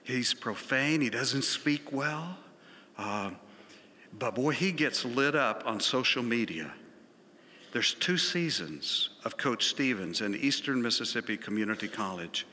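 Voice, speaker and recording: A man's voice: mid-range voice, animated, unhurried, pushed and bright, big-room sound, slight background noise. A senior pastor, a man, preaching a sermon with conversational, emphatic storytelling. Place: large church sanctuary.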